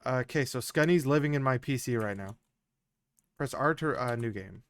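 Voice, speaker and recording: Young man, mid-range voice, casual let's-play commentary, prone to laughter and excited outbursts, dry sound. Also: medium pitch, moderate pace, no echo. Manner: reads game story text aloud with dry asides, laughs easily; gets loud and excitable reacting to gameplay. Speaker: game streamer.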